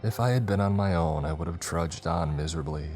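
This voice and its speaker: A man narrating a scary story in a steady, measured storytelling manner. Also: low-pitched, soft background music. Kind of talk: scripted horror narration.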